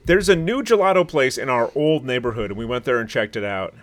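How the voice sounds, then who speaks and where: A man co-hosting a podcast, chatting casually and explaining things in an animated way. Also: medium pitch, fairly quick. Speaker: podcast co-host. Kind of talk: casual chat.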